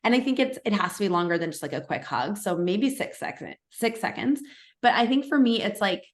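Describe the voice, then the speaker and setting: A woman's voice: medium pitch, animated. Brief: middle-aged woman, podcast host, chatty and effusive, casual interview chat. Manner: chatty and effusive, quick restarts.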